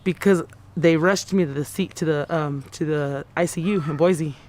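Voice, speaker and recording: A woman in her thirties being interviewed for the news. She recounts her story in a halting, repetitive way, often acting out her own quoted words. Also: low voice, darkish tone. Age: 30s. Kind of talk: personal account in a news interview.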